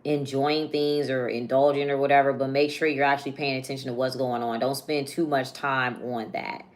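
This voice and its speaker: A young woman doing a casual, chatty live tarot reading, slangy and quick to laugh. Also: a bass voice, little pitch movement. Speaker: tarot reader.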